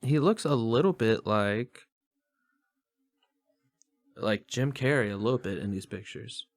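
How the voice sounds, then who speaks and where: A man's voice: mid-range voice, unhurried. A man co-hosting a casual movie podcast, loose and profane, laughing often as he recaps scenes. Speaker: podcast co-host.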